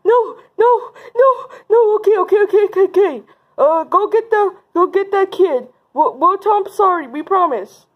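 A woman voicing whiny, frightened schoolyard bully kids in a game role-play, shrill and pleading. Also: slow, narrow, tinny audio. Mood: panicked.

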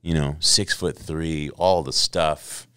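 A middle-aged man with a very deep, low voice tells a casual story as a podcast guest. He swears freely and acts out what other people said, all of it captured close and dry. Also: steady tone, slow pace, a bit bright, smooth, no echo.

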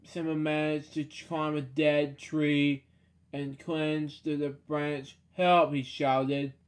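Halting man reading a storybook, deadpan asides. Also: a little high. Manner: halting, stumbling over words. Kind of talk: reading a children's storybook aloud.

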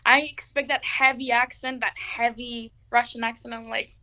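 A woman's voice: fairly high pitch, little pitch movement, normal speed, bright, forceful tone. A teenage girl from Greece, chatting casually and laughing easily on a video call. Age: teens. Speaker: chat partner.

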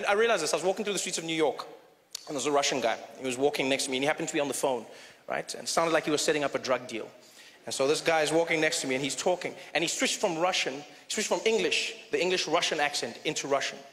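A man doing stand-up comedy on a stage in an animated way, slipping between voices, recorded on a handheld mic in a reverberant live venue. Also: on the high side.

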